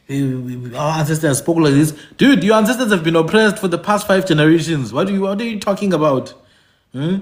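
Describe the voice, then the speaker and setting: Man, emphatic talk-show commentary, high and swooping delivery. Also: expressive, fairly quick. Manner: emphatic, repeats points, asks "hmm?". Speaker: podcast host. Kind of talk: animated commentary.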